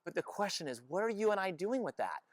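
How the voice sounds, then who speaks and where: A man's voice: high voice, big pitch swings, fast talker, no room sound. A man hosting a Christian motivational talk, speaking earnestly and exhorting with many rhetorical questions. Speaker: host.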